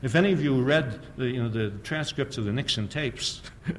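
A man giving a public history lecture, sardonic and animated, firing off rhetorical questions and often chuckling at his own points. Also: mid-range voice, a little fast, slight background noise.

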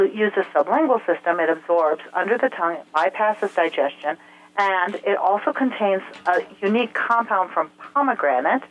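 A woman speaking as a health expert guest in an interview, explaining things step by step with frequent filler sounds. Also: mid-range voice. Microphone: telephone. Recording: tinny phone line.

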